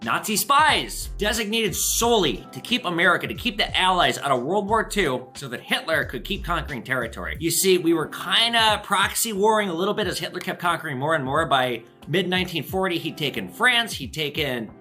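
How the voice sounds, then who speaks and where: Fast, lively, bright-voiced man. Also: fairly high pitch, soft background music. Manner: profane, animated storytelling. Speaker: pawn shop owner and show host. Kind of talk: casual monologue to camera.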